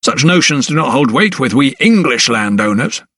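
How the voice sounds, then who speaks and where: A sneering gentleman lawyer, put on by a male narrator, lets each scornful word drag out slowly in a middling voice. He sounds ruthless and mocking, with every word dry and close to the mic. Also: mid-range voice, sing-song, breathy edge, no room sound, far from the mic.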